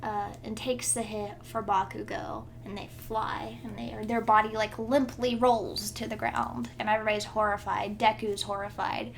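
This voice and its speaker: A woman's voice: medium pitch, flat delivery, moderate pace, vocal fry, hardly any pauses, a little hiss or hum. A young woman co-hosting a podcast, animatedly retelling a fanfic with frequent laughter. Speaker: podcast co-host. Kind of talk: casual chat, retelling a fanfic.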